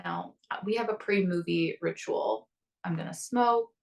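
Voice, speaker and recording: Woman coach on a podcast, lively storyteller doing little voices, mic a bit far off. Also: lowish voice, moderate pace, vocal fry. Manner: animated storytelling, acts out inner voices. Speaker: guest coach. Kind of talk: casual podcast conversation.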